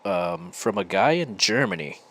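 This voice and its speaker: A man's voice: sits low, expressive, a little slow, a bit bright. An American man hosting a podcast, telling a casual, rambling story full of restarts. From United States. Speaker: podcast host.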